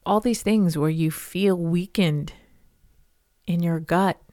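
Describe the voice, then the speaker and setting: A woman's voice: on the low side, slow, mellow, dry recording, clean studio sound. A woman hosting a spiritual podcast, talking through a story in an earnest, heartfelt way. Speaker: podcast host.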